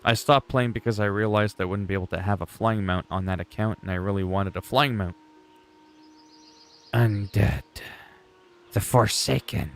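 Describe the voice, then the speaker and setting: Male streamer, lowish voice, loose rambling chat over gameplay, faint background hum. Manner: rambling, thinking out loud.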